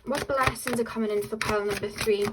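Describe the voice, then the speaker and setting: A woman's voice: on the high side, steady tone, quick pace, heavy background noise. A young woman doing a casual tarot reading, chatty and upbeat, often trailing off and restarting. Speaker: tarot reader.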